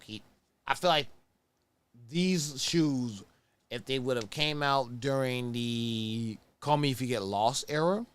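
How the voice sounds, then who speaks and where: A man hosting a casual sneaker review show, talking in a laid-back, rambling way, often correcting himself and sounding tired. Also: mid-range voice. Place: at home on camera, moving around.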